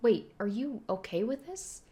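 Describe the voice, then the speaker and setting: A woman's voice: fairly high pitch, sing-song, measured pace, mellow, voice pushed up. A woman reading the lines of a distraught young man from a manga, anxious and pleading. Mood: alarmed.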